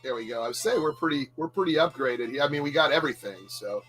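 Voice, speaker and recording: Bright-voiced jokey male game streamer. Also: on the high side, animated, quick pace, slightly rough, low-quality recording. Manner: jokey, self-mocking, laughs often. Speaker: livestream host playing retro games. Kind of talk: casual gaming chat with commentary.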